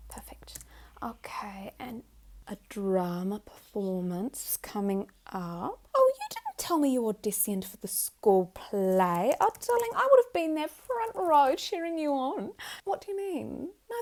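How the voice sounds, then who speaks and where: A woman's voice: medium pitch, mellow. A woman voicing a doting, wealthy Australian mother in a whispered role-play, fussy and gushing, calling the listener darling.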